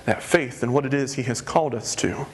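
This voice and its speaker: A man's voice: medium pitch, a little fast, a little hiss or hum. A man preaching a sermon, earnest and emphatic, stressing his points through repetition. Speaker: pastor.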